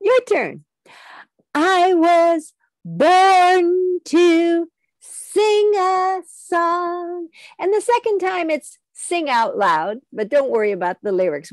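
A woman's voice: a little high, big pitch swings, moderate pace, hardly any pauses, a little mellow, clean studio sound. A woman teaching a children's music lesson over a video call, calling out phrases and singing them for the kids to echo back. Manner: call-and-response, sings along.

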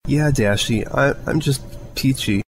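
A man's voice: medium pitch, unhurried, slight background noise, pitched above the performer's own voice, lightly acted. A man voicing an upset but quirky young female pony who sniffles as she talks. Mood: hurt, sniffly.

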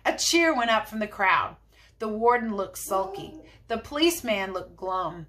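A woman teacher reading a chapter book aloud, in an expressive, lively way. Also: mid-range voice, moderate pace. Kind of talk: storybook read-aloud.

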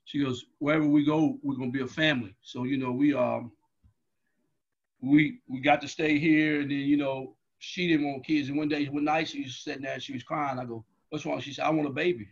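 Loud, animated man telling stories. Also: mid-range voice, a little fast, slightly rough. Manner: loud, animated, acts out dialogue in anecdotes. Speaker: guest, athletics staff member. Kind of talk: storytelling in an interview. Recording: muffled lo-fi audio.

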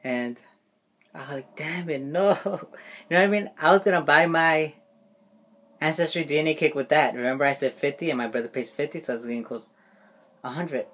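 A man's voice: a little high, brisk, pauses often, a bit bright. A man ranting casually to camera as a vlogger, swearing freely and laughing often. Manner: profane, indignant, laughs often. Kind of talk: casual vlog rant.

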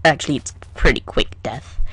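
A let's play gamer giving casual gameplay commentary in a hyper, excitable way, chatting to the creatures in the game. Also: moderate pace, whispered.

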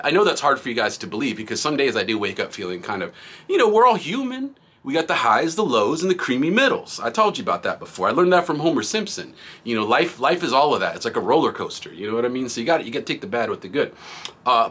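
Reading viewer comments on his graffiti supply channel, a middle-aged man speaks in a medium-pitched voice with a sharp tone. As the channel's product reviewer and shop host, he rambles in a laid-back way and laughs a lot.

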